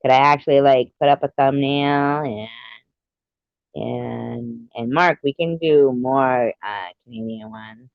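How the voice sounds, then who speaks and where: Chatting with her livestream viewers, this host tells meandering jokes and keeps breaking into giggles. Her voice is deep, rumbling, and creaky, and she speaks slowly. The audio is dry, with the high frequencies cut off.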